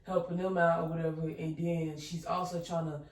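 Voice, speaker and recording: A woman's voice: fairly low pitch, fairly quick, recorded from a distance. Profane young woman, echoey and off-mic. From South Carolina. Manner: heated, profane, animated ranting. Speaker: co-host. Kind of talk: casual chat.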